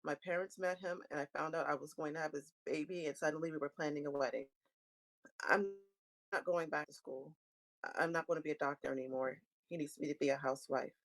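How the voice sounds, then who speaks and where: A woman's voice: sits low, steady tone, fast, low-quality recording. A woman voicing a heartbroken young woman who stammers tearfully as she pleads on the phone. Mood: pleading.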